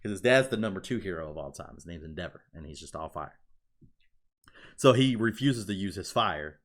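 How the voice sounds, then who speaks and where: A man with a fairly low voice talks casually on a podcast. He gets excited, swears a lot and scatters "like" through his sentences. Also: brisk. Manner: excited, swears freely, many "like" fillers. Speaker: podcast co-host.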